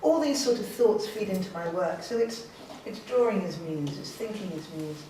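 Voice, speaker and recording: A woman's voice: medium pitch, animated, normal speed, dark tone, distant mic, slight background noise. A woman artist giving an informal, enthusiastic gallery talk to an audience, chatty and self-deprecating. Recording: very echoey room, voice from afar.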